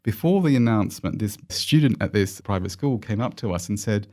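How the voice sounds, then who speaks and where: A middle-aged Australian man with a low voice talks as an interview guest. He tells his stories energetically and coaches his listeners, often restarting sentences and filling pauses. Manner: animated, encouraging, with many fillers and restarts. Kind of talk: casual storytelling interview.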